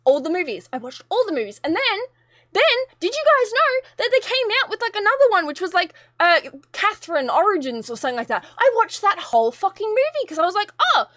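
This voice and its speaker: High-voiced woman ranting with swearing. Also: big pitch swings, a little fast, a bit bright, dry recording, studio quality. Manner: swearing, exasperated, rambling rant. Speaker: streamer. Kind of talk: casual ranting to a live chat.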